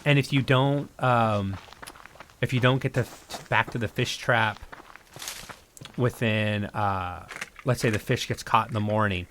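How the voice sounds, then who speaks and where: A man streaming a survival game live, thinking aloud in a relaxed, rambling way as he plays. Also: on the low side, measured pace, slight background noise. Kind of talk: casual live-stream gameplay commentary.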